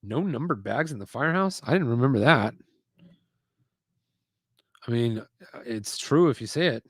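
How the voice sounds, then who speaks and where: A man in the middle of his range hosts a relaxed live build from his desk, chatting and rambling as he goes. He reads viewer comments aloud between thoughts. The sound is dry, with little room in it. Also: medium pitch, normal speed, slightly rough, dry recording. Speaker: live-stream host building toy sets. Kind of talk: casual live-stream chat. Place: home desk setup with screens.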